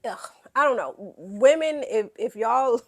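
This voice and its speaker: A woman hosting a reality TV recap in a casual, blunt and profane way, animated as she talks. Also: on the high side, unhurried.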